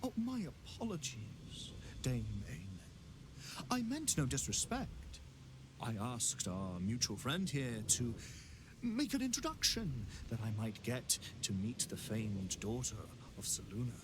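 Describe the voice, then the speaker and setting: A man's voice: mid-range voice, huge pitch swings, slow pace. An actor playing a scheming, arrogant male wizard who speaks in a silky, theatrical, condescending way. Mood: ingratiating. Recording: game audio with noise.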